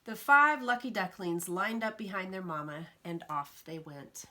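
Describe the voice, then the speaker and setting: A woman librarian reading a picture book aloud to preschoolers, slow and expressive, pausing to ask the children questions. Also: lowish voice.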